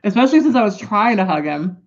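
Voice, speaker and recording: A woman's voice: medium pitch, sing-song, fast, lo-fi sound. A woman vlogger telling a story in a loose, profane, rambling way, breaking into asides while she does her makeup at home. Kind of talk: casual storytime vlog.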